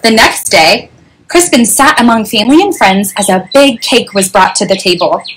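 A woman reading a children's picture book aloud, animated, with lots of exclamations. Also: medium pitch, moderate pace, a little hiss or hum, poor audio. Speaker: children's story reader.

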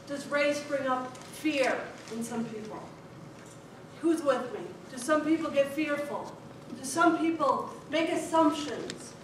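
Slow, wry woman storyteller in an echoey hall. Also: high voice. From Chicago, USA. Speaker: contest speaker. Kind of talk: humorous speech to an audience. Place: large echoey hall before an audience. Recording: echoey hall, distant mic, noisy.

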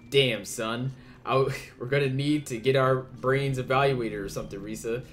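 A man's voice: mid-range voice, fairly even intonation, takes it slowly, slight background noise. A young man hosting a game playthrough, reading the characters' lines aloud in playful put-on voices and chatting casually with a bit of swearing. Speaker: let's play host.

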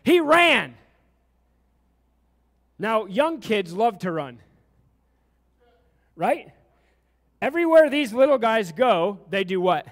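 A man with a very high voice preaches to his congregation. His sermon builds with fervent questions, and long reverb trails off the sanctuary walls. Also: big pitch swings, slow pace, pauses often. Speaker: pastor. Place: church sanctuary.

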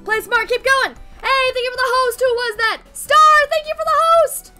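A woman streaming a game live, bubbly and excitedly thanking her chat. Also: very high voice, moderate pace, soft background music. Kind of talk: casual live gameplay streaming.

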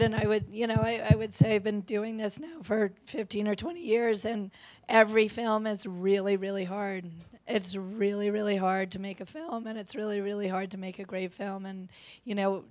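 A woman's voice: medium pitch, rough recording. A woman documentary filmmaker speaking earnestly on a panel, stressing her points by repeating them. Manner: earnest, repetitive emphasis.

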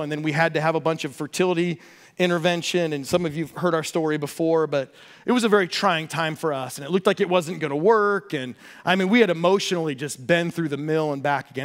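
A middle-aged man, a pastor, preaching a sermon with animated storytelling and humor. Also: a little high.

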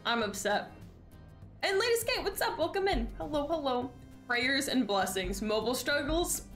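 A woman's voice: sits high, very animated, moderate pace, a bit bright, faint music behind. A woman streaming a game in casual chat, exasperated and sarcastic, swearing freely. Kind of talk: casual live-stream chat while gaming.

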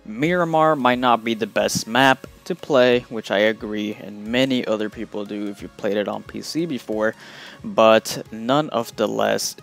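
A man's voice: on the low side, measured pace, gravelly, a bit bright, soft background music. A young man hosting a casual gaming news vlog, talking loosely with lots of fillers. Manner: loose and rambling, many fillers. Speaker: gaming video host.

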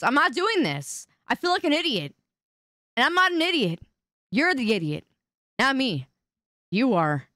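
A woman's voice: fairly high pitch, a bit bright, no echo, clean studio sound. A woman streamer in casual live-stream chat, whiny and indignant as she bickers with her chat.

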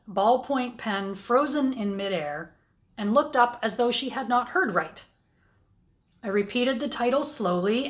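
A woman pastor with a Canadian accent, giving a sermon at a slow, measured pace with deliberate pauses. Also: medium pitch, fairly bright tone.

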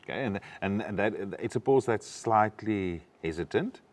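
A male acting coach leads a lesson, walking a student through each point. His voice sits very low yet moves with lively, animated swings in pitch. He sounds patient and instructive. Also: moderate pace. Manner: instructive, explains step by step.

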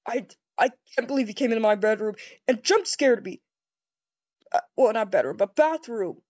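A woman's voice: on the high side, moderate pace, no echo. Wide-eyed, stammering woman, dull lo-fi sound. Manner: excitable, easily startled, rambling with stammered restarts. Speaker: game role-player. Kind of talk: first-person role-play over a game.

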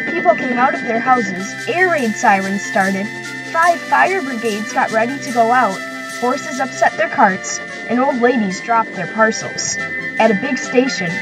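A woman's voice: on the high side, poor audio. Woman reading a storybook aloud. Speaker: storybook narrator. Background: background music.

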